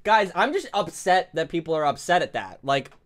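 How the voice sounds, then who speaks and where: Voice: medium pitch, sing-song, moderate pace, heavy background noise. A YouTuber ranting through a reaction to a game trailer, swearing constantly and swinging between hype and exasperation. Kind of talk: profane reaction rant.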